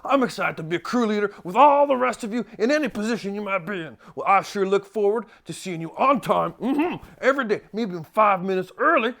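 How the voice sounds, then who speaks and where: A man playing a goofy volunteer in a comic training sketch, excitable and silly. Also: sits high, brisk, vocal fry, hardly any pauses. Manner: excitable, silly, bursts into laughs and cheers.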